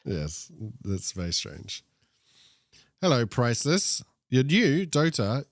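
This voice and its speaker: A young man with a posh British accent co-hosts a casual esports chat, joking and rambling off on tangents. His mid-range voice swings widely in pitch at a slow pace, with dry, clean studio sound.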